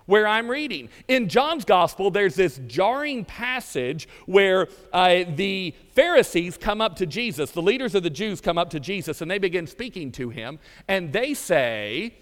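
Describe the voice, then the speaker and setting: A man preaching a sermon, with dramatic pauses and drawn-out emphasis. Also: high voice, sing-song, a bit bright. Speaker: pastor. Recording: reverberant hall.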